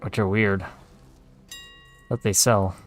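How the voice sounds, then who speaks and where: A man giving casual, relaxed commentary while playing a game, tired and talking to himself with some swearing. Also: fairly low pitch, slow pace, faint music behind. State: tired, yawning. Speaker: gaming video creator.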